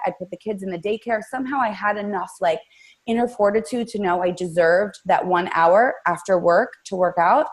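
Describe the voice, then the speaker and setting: A woman guest-hosting a coaching team call, telling her story in a colorful, chatty way and speaking straight to her listeners. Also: mid-range voice. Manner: chatty, addresses listeners directly. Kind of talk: casual motivational storytelling.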